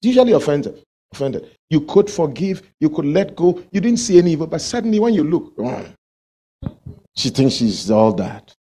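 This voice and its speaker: Male pastor, husky and lively, preaches and questions his congregation. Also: a little high, brisk. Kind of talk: sermon.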